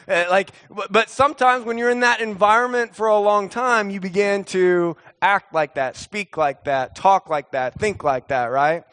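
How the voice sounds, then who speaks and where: Earnest preaching man, slightly high. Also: a bit bright. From United States. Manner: earnest, building to emphatic repetitions, with drawn-out pauses. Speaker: pastor. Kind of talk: sermon.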